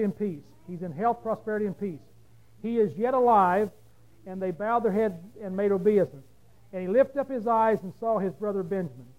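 High-voiced preacher giving a sermon. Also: male voice, low-quality recording. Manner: reads scripture then explains it, asking the listeners questions; swings between hushed low stretches and loud emphatic passages.

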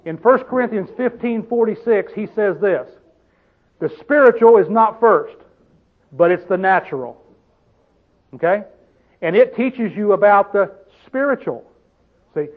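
A man preaching a Bible-teaching sermon, often asking his listeners questions and slowing down to stress the scripture he quotes. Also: high voice, animated. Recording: tinny phone-like sound.

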